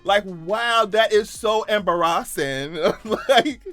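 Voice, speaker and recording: Brief: male vlogger, high bright voice, animated comedic commentary, laughs a lot, faint music underneath. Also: slow pace, dry recording. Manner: animated, laughing, profane and exaggerated. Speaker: YouTube commentator. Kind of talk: casual comedic news commentary.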